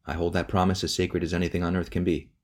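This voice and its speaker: A man's voice: low-pitched, flat delivery, quick pace. A man voicing an anxious devout young woman. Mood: earnest. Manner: pleading, voice shaking.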